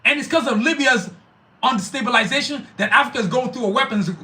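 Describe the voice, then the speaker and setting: A man's voice: very high voice, quick pace, pushed and bright. A man hosting a podcast, giving a heated, profane political rant while answering live chat. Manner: profane, fired-up, emphatic.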